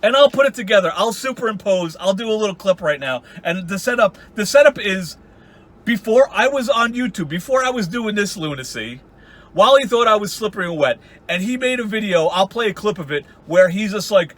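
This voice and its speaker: A man's voice: sits high, expressive, brisk, fairly bright tone. A man in his forties giving a sarcastic, profane ranting commentary as a YouTube commentator. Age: 40s.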